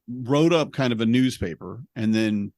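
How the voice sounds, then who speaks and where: A man in his forties, an American podcast host and father, telling a lively family story and acting out his son's lines, with frequent laughs. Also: mid-range voice, moderate pace, no echo, clean studio sound. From United States. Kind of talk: casual chat.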